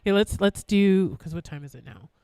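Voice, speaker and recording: High bouncy voiced podcast host guy, dry close mic, lots of laughing. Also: animated, fairly quick, a little mellow, smooth. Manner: laughs a lot, echoes the guest. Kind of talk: casual chat, interviewing.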